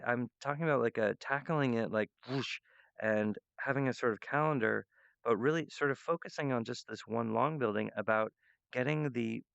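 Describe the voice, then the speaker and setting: A man rambling earnestly and emotionally to his viewers, halting often with restarts and fillers. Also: medium pitch, creaky, fairly bright tone, smooth, no echo, lo-fi sound. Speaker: artist addressing viewers. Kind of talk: rambling direct-to-camera monologue.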